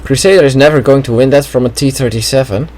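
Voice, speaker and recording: A fast-talking gameplay commentator with a medium-pitched, darkish voice chats casually about a replay, thinking aloud and saying "well" a lot. Slight throat trouble shows, and the rough recording has a little hiss or hum.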